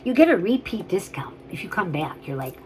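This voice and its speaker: A woman's voice: mid-range voice, very animated, fairly quick, a little hiss or hum, low-quality recording. A woman chatting casually on camera as she shows and sells vintage jewelry, rambling and gushing over each piece. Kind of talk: casual on-camera selling chat.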